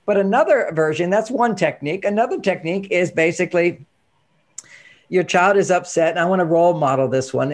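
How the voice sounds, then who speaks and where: A man coaching parents on emotions, telling stories and acting out the dialogue in an animated way. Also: a little high. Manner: animated storytelling, acts out dialogue. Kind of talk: instructional talk with anecdotes.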